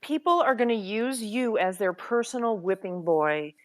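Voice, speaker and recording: A woman's voice: medium pitch, animated, normal speed. A woman joining a casual live-stream chat as a guest, with a mid-range voice. She talks emphatically and often exclaims her agreement.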